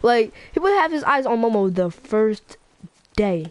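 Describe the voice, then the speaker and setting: A woman's voice: a little high, sing-song, a little slow, a little hiss or hum. A woman casually telling a made-up fan story, rambling and slangy. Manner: rambling, slangy, laughs, restarts. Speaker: YouTuber.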